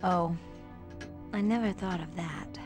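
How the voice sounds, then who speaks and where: A woman's voice: on the low side, takes it slowly, music in the background. A woman voicing a naive, curious young female mutant recruit in a video game, wide-eyed in tone.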